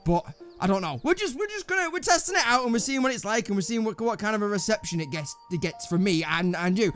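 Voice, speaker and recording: A man's voice: sits high, lively intonation, quick pace, a bit bright, faint music behind. A man, hosting a let's play with rambling, jokey, casual commentary. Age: 20s. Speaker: gaming channel host.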